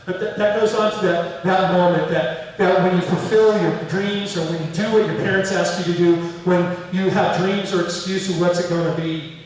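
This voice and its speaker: A man's voice: high-pitched, moderate pace. Middle-aged man telling stories in an echoey hall. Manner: animated anecdotes, acting out quoted voices. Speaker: museum speaker. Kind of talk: storytelling lecture. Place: museum hall. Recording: echoey hall, distant mic.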